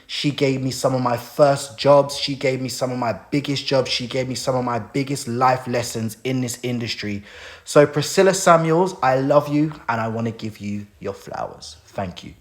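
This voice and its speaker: A man's voice: medium pitch, moderate pace. A man hosting a casual live stream, talking in a heartfelt and emotional way as he thanks people.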